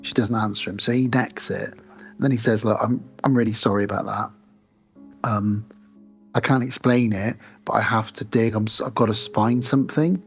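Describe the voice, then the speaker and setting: A man's voice: fairly low pitch, steady tone, moderate pace, breathy edge, dull audio, faint music behind. A man co-hosting a podcast, retelling film scenes and acting out the characters' lines in casual chat. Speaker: podcast co-host.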